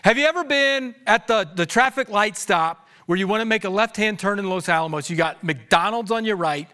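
A man preaching a sermon as pastor to his congregation, telling animated stories that swing from hushed asides to shouts, and laughing at his own stories. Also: high voice, moderate pace, clear, resonant tone. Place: church service before a congregation.

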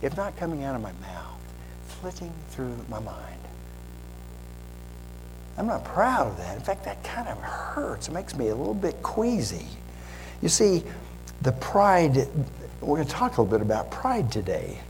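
A man's voice: mid-range voice, darkish tone, rough recording. A man preaching as a guest pastor, candid and self-deprecating, with conversational asides. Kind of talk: sermon.

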